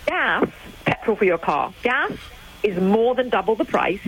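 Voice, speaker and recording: A woman's voice: mid-range voice, animated, measured pace, a little hiss or hum. An older woman from England, a guest speaking emphatically and telling stories in a chatty way on a phone line. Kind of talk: call-in radio talk.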